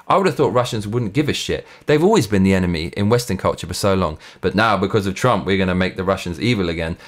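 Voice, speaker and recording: A man hosting his own show, giving a blunt, profane, sarcastic rant. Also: lowish voice. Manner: mock Russian accent when reading reviews aloud. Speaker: host. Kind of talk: ranting commentary.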